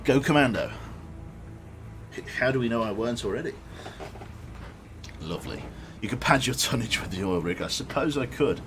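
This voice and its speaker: A man's voice: mid-range voice, lively intonation, normal speed, pauses often, over music. A man streaming a submarine game, chatting casually with dry, self-mocking humor. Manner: rambling, wry, self-mocking. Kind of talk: casual live-stream commentary. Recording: noisy background hum.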